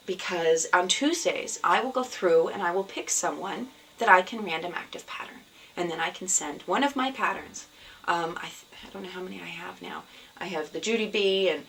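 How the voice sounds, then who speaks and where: A woman hosts a knitting podcast indoors at home, chatting casually to camera in a rambling way with lots of ums, fillers, and restarts. Her lowish voice is a bit bright, but she's far from the mic, and the poor audio carries a little hiss or hum.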